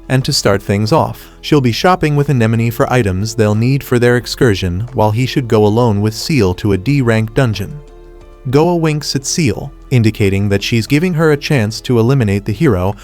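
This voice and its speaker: Man, recap narrator, mid-pitched voice, steady delivery, faint music behind. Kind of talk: scripted narration.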